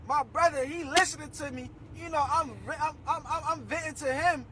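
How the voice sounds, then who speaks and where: High-voiced young man telling a story. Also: normal speed, a loud crowd, rough recording. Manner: animated, slangy, acts out quoted voices. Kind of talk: casual story time to camera.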